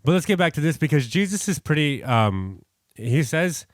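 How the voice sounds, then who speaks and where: His voice sits on the high side with a sing-song lilt and a moderate pace as this New York man, co-hosting a podcast, chats casually about a Bible passage. He's earnest but rambling, with many restarts and self-corrections. The sound is dry and studio quality.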